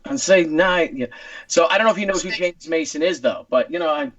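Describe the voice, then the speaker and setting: A man's voice: fairly high pitch, animated, quick pace, fairly bright tone, no echo, far from the mic, lo-fi sound. A middle-aged man hosting a casual chat show over a video call, joking and playful. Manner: joking, playful, slips into put-on voices. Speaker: host.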